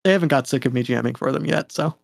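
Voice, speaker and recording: Speaking quickly in a medium-pitched, creaky voice, this man sounds like he's in a clean studio with no room sound. He's a game designer with a Canadian accent, a relaxed guest at a casual fireside chat, full of little laughs, fillers, and restarts.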